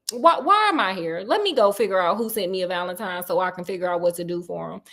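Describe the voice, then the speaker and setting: A sincere, clueless alien schoolboy from a retold storybook, voiced by a woman telling the tale. He talks quickly in a somewhat lower voice, earnest and puzzled. He sounds a little lost about how things work on Earth. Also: animated, sharp tone.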